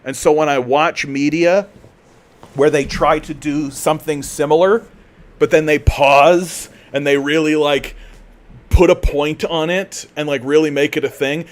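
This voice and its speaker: A man's voice: fairly high pitch, slow pace, long pauses. A man from Canada hosting a political commentary livestream and reading chat. He rants heatedly, swears often and restarts his sentences again and again. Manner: profane, heated ranting with repeated restarts.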